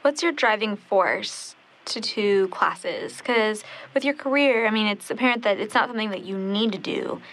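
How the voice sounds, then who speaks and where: A woman's voice: medium pitch, normal speed, few pauses, a bit bright. A woman hosting a podcast, asking long, winding questions in a friendly, casual way. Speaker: podcast host.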